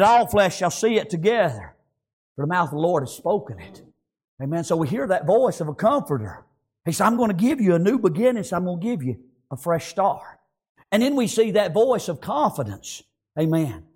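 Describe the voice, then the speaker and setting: A man preaching a sermon, fervent, dropping amen and praise God between phrases and swinging from low murmurs to shouted emphasis. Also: big pitch swings, normal speed, husky.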